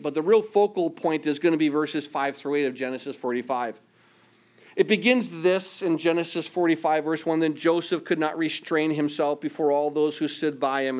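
A man preaching a sermon earnestly, his voice dropping soft for quoted prayers. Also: on the high side, moderate pace. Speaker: pastor.

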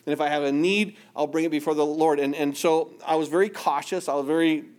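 A man preaching a sermon earnestly, his voice dropping soft for quoted prayers. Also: fairly high pitch, steady tone, quick pace. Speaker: pastor.

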